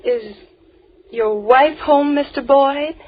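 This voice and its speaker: A woman's voice: sits high, takes it slowly. An actress playing a timid, fearful young woman in a 1950s radio drama. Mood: frightened. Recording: dull old radio recording.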